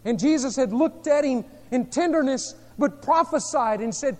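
A man preaching a sermon as pastor, telling a story dramatically, with sharp swings between soft and loud. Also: very high voice, lively intonation, moderate pace, few pauses. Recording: long hall reverb.

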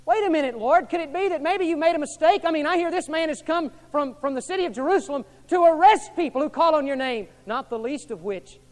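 A man preaching, voicing an eager adult male disciple who answers quickly and then stammers out protests, in a hall with long reverb. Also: very high voice, very animated, exaggerated voice. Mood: protesting.

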